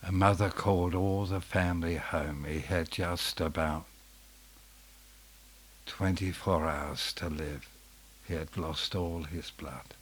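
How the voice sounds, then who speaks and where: A man preaching a sermon as dramatic storytelling, dropping to a hush and then rising to loud outbursts. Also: sits low, steady tone, slow, husky.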